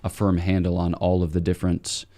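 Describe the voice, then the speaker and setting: A man's voice: low voice, completely flat delivery, brisk, mellow. A man from the eastern United States, a priest, explaining ideas thoughtfully in a casual podcast conversation. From United States, between Washington DC and Boston. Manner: thoughtful, explanatory, many fillers and restarts.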